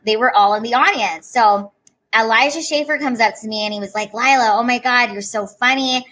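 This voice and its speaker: A woman comedian, a guest on an interview show, telling her stories casually and acting out what people said. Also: mid-range voice. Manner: animated, acts out quoted voices.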